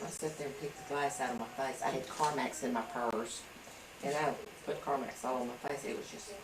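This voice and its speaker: At home, a low-voiced woman rambles through a casual story, performing each person's lines herself. The home video picks her up from across an echoey room, with constant noise in the background.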